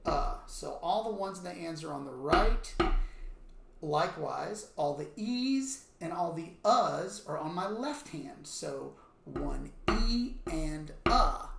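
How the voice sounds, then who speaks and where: A woman's voice: lowish voice, gravelly. A woman teaching a drum exercise, patiently explaining and counting sixteenth notes aloud with methodical repetition. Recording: echoey practice room, faint noise.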